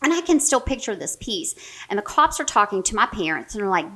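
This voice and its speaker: A woman in her forties, a therapist and podcast guest, telling a story in a lively, animated way, full of "like" and "right?". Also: mid-range voice, a little fast. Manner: animated, many fillers like "right?" and "like". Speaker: mental health therapist, guest. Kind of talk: casual storytelling in a podcast interview.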